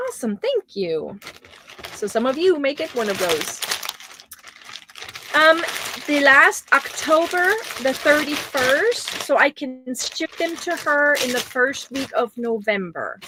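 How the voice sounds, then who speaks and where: Slow-talking, high-pitched woman host. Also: animated, noisy background. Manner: gushing, exclaiming over gifts. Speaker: crochet livestream host. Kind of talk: casual livestream chat.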